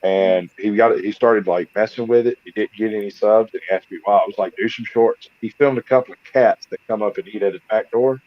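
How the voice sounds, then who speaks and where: Easygoing low-voiced man on a dull line. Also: fairly even intonation, fast, few pauses, no room sound. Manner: easygoing, chatty storyteller with fillers. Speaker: live stream guest. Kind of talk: casual chat on a live stream. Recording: dull lo-fi dry sound.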